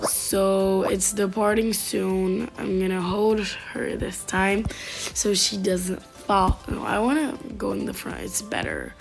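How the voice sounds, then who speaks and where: A woman's voice: mid-range voice, takes it slowly, creaky. A woman giving playful, casual commentary on her gameplay and reading the game's text aloud. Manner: chatty, playful, reads game text aloud. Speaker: gaming YouTuber. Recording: faint game music behind.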